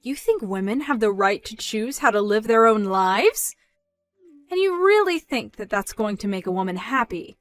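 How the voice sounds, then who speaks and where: A woman's voice: expressive, moderate pace, soft background music, close to an everyday voice. A woman voicing a scornful, controlling middle-aged mother who mocks and scolds in a dramatized story. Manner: mocking, loud, rising in pitch when scolding.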